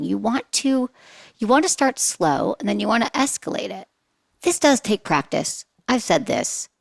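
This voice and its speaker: A woman's voice: mid-range voice, vocal fry, dry recording. A woman hosting a podcast, giving chatty sex advice with frequent rhetorical questions. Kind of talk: casual advice talk.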